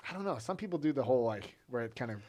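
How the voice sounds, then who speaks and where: A man's voice: mid-range voice, lively intonation, very fast, mellow. A man from California co-hosting a podcast, chatting casually, rambling and restarting his sentences. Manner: rambling, trails off and restarts, laughs easily. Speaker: podcast co-host. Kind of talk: casual chat.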